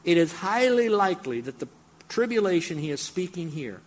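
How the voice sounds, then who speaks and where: A middle-aged man preaching a sermon as a pastor, animated and excitable, breaking into sudden loud, high bursts. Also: moderate pace.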